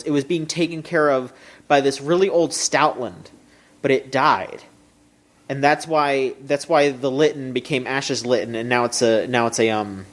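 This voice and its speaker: Podcast co-host, mid-range voice, excitable recap with swearing, remote call mic. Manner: animated and swearing, pitch jumping up when excited. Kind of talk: casual chat, recapping an anime episode.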